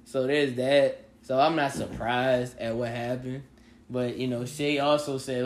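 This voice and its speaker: Male podcast co-host, relaxed sports talk, echoey room sound. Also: medium pitch, a little slow. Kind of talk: casual sports chat.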